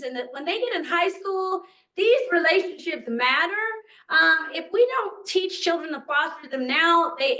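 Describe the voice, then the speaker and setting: Older woman, workshop presenter, high bright voice, animated, echoey room. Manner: animated, asks the audience questions, acts out quotes. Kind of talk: live presentation to parents. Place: meeting room.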